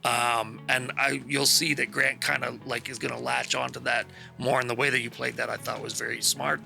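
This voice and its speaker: A man's voice: medium pitch, little pitch movement, normal speed, creaky, sharp tone, faint music behind. A man hosting a stream, chatting casually after a game session and praising his fellow players with rambling enthusiasm and casual swearing. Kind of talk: casual post-session chat.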